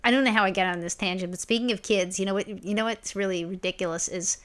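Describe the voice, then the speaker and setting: A woman's voice: medium pitch, steady tone, quick pace, fairly bright tone. Self-mocking woman telling a story. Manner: self-mocking storyteller, acts out her own reactions. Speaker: podcast co-host. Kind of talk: casual chat.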